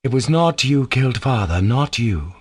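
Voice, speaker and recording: A man reading as a gentle, earnest young man. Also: mid-range voice, sing-song, moderate pace, husky, dry recording, studio quality. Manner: soft, pleading, earnest delivery. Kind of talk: audiobook character voice.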